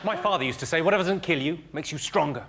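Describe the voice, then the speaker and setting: A British man performing live stand-up, delivering one-liners in a dry, deadpan way on a comedy stage. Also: on the high side, quick pace, very noisy. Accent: British English.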